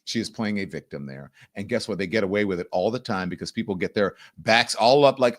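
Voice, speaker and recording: A man's voice: on the low side, expressive, brisk, hardly any pauses. A man hosting a live political commentary show, talking bluntly and indignantly and swearing freely. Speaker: show host.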